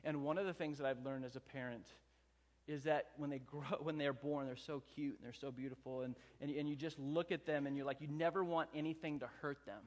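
A pastor in his thirties preaches a sermon in a big-room sound, his voice on the high side with fairly even intonation and a fairly quick pace. He tells stories earnestly and builds emphasis through rising, repeated phrases.

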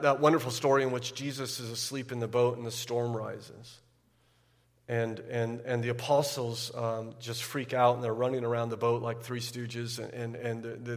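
A man preaching a sermon as pastor, often repeating words as he builds, rising loud and high at key points. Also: in a large hall.

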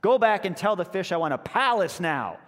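A man's voice: a little high, lively intonation, quick pace, a bit bright. Figure: a man playing a greedy, bossy wife. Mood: demanding. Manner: bossy, insistent. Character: greedy, demanding fisherman's wife. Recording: long church reverb.

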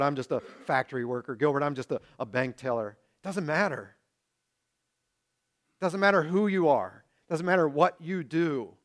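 A male pastor delivers a sermon, his voice sitting a little high for a man. He swings between loud, passionate build-ups and soft, hushed pleas. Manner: dynamic preaching, rising to loud passion and dropping to hushed.

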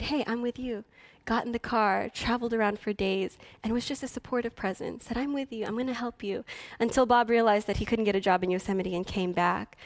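A young woman delivers a sermon as a youth pastor, her voice sitting a little high. She preaches with feeling, pushing some lines out loud and dropping others to a hushed near-whisper.

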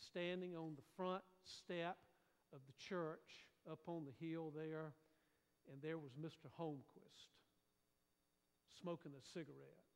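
A middle-aged man from North Carolina, preaching a folksy sermon that drops to a hush for suspense and then swells. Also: high-pitched, clear, resonant tone. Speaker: pastor. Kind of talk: storytelling sermon. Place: church sanctuary. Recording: long reverb of a large hall.

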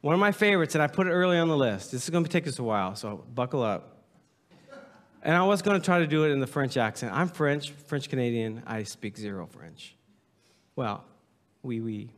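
Male pastor, joking sermon, bouncy animated delivery, reverberant sanctuary. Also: medium pitch, fairly quick. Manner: playful, joking, reads aloud with mock drama. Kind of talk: humorous sermon to a congregation. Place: church sanctuary.

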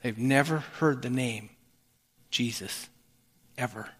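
A man's voice: medium pitch, takes it slowly, fairly bright tone, slightly rough. A male pastor giving an earnest sermon, often restarting his phrases as he explains a passage of scripture. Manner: earnest preaching with repeated restarts. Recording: long hall reverb.

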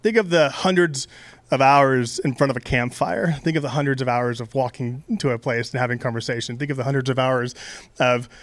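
A man's voice: mid-range voice, fairly even intonation, brisk, dry recording. A man giving a casual, conversational sermon in a playful way, full of asides and fillers. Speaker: preacher.

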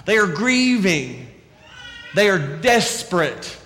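A man with a Southern drawl preaches in an earnest, conversational way and often poses questions to his listeners. His voice sits a little high. The sound carries a long reverb from the hall. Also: sing-song, takes it slowly, a bit bright, a little hiss or hum. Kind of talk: sermon.

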